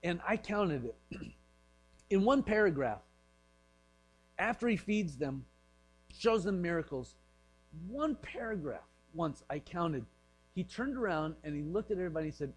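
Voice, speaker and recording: Pastor, male, light-pitched, casual joking delivery with hushed acted asides; faint electrical hum. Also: sing-song, measured pace, long pauses, low-quality recording. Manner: joking, acts out voices in quiet asides. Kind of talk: conversational sermon.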